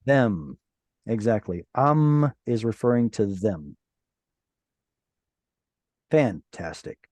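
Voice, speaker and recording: In an online Bible Hebrew lesson over video call, a man with a lowish, darkish voice explains grammar patiently and playfully while quizzing his students. He is very animated yet speaks very slowly with long pauses, and there's no room sound.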